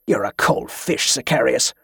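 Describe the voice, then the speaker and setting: A man's voice: medium pitch, normal speed, gravelly, sharp tone, slightly rough, dry recording, studio quality, heavily acted. A man voicing a cruel, short-tempered male captor who snarls and mocks, in an audiobook. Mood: menacing. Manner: snarling, sarcastic.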